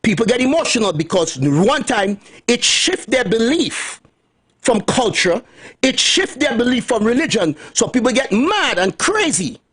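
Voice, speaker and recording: A middle-aged man with a lilt holds forth on the radio, his voice high and husky. He swings widely up and down as he preaches, hammering points home by saying them twice and dropping folksy asides. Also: sing-song, a little slow, a bit bright. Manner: emphatic, repeats lines for stress, folksy asides. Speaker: radio talk host. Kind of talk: preachy radio monologue on health.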